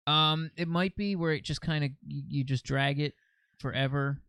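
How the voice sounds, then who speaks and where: Man telling a long joke on a podcast, halting and trailing off, dry close sound. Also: fairly high pitch, steady tone, fairly bright tone, smooth, dry recording. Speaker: podcast talker. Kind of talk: casual chat.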